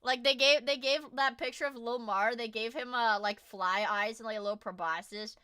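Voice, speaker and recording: A young woman streaming, chatting casually as she reacts to videos, swearing freely and breaking into loud shrieks. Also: on the high side, steady tone, normal speed, clean tone.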